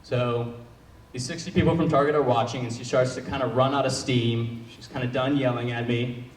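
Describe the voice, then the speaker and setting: Young man doing deadpan stand-up. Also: mid-range voice. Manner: deadpan storytelling with punchline pauses. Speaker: stand-up comedian. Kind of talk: stand-up comedy set. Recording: echoey hall, distant mic.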